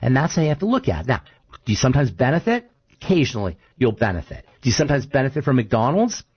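A man hosting a talk radio show, chatting casually and telling stories in an animated, argumentative way. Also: medium pitch, quick pace, slightly rough, no echo, highs cut off. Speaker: show host.

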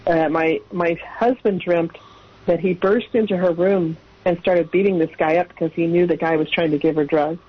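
A woman's voice: fairly low pitch, steady tone, normal speed, husky. A woman in her sixties, a guest, chatting and laughing as she tells long rambling family stories. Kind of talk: casual anecdotal storytelling. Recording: dull lo-fi radio audio.

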